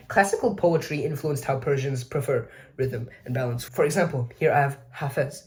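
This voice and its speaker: This video essay host has a fairly high, somewhat mellow voice. He walks through an educational topic casually, chatting, poking fun at himself, and regularly correcting himself in the middle of sentences.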